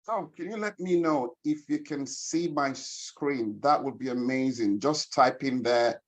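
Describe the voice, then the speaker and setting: A man hosts an online webinar as a financial coach. He talks in an upbeat, chatty way and greets people by name, his voice sitting at an ordinary middle pitch. The sound comes through a video call. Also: measured pace. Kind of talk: casual online webinar hosting.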